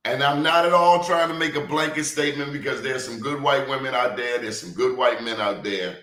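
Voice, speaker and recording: A man hosting an interview, talking in an emphatic, deliberate way and repeating words for stress. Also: mid-range voice, pushed and bright. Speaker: interview host. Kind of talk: hard-hitting interview. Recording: roomy echo.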